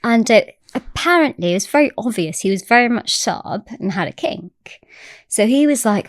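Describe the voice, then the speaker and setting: A woman's voice: mid-range voice, lively intonation, normal speed, creaky, no echo, clean studio sound. A woman telling a story as a podcast guest, chatty and swearing freely. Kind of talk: casual storytelling.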